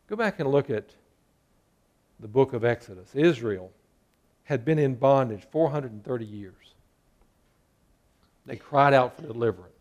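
A man's voice: mid-range voice, lively intonation, normal speed, long pauses, darkish tone. A male pastor preaching a sermon, sometimes acting out the complaints of the people in his story.

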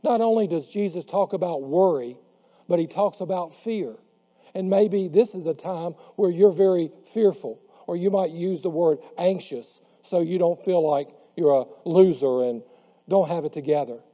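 A man preaching a sermon who slows down and drops his voice on the words he wants to stress. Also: high voice, dark tone. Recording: long hall reverb.

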